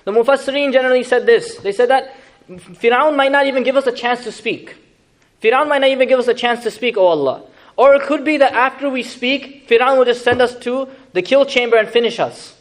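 A man teaching a Quran lesson in a lively, conversational way, asking the audience questions and making joking asides. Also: very high voice, a little fast. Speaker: Islamic teacher.

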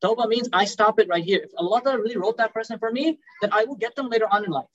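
A man's voice: sits high, rapid-fire, fairly bright tone, dull audio. A man giving a sermon as a Muslim preacher, speaking conversationally and addressing the audience as brother.

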